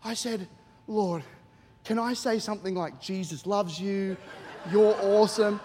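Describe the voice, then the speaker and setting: A high-pitched middle-aged Australian man preaching in a long-echoing church hall. He tells funny stories, acting out the voices in them with animated energy. His humour is quick and joking. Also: a little hiss or hum. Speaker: guest pastor. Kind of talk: humorous sermon storytelling. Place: church auditorium with a live congregation.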